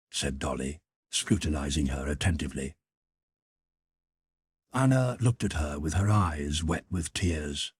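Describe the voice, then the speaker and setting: A male audiobook narrator with a deep, very breathy voice. His reading is lively in pitch and expressive. The sound is dry and close to the mic. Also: a little slow, long pauses, no room sound. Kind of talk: scripted narration.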